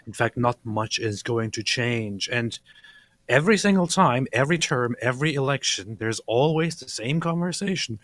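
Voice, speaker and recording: A man's voice: medium pitch, expressive, normal speed, a bit bright. A man co-hosting a live talk stream who speaks bluntly and matter-of-factly in casual commentary.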